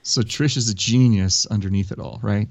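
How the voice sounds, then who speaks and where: Man, podcast co-host, lowish voice, dry wry asides, casual chat. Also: normal speed. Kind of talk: casual wrestling recap chat.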